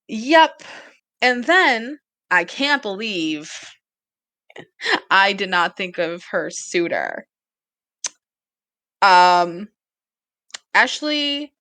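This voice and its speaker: Woman cohosting a chill podcast, bright voice, dry close sound. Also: mid-range voice, no echo. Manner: chatty, laughs often, plans the schedule aloud. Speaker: podcast co-host. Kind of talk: casual chat.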